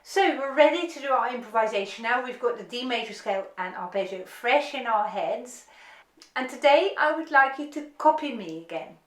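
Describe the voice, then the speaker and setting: A woman's voice: on the high side, expressive, moderate pace, fairly bright tone, echoey room. A woman teaching an online violin lesson, giving encouraging step-by-step instructions.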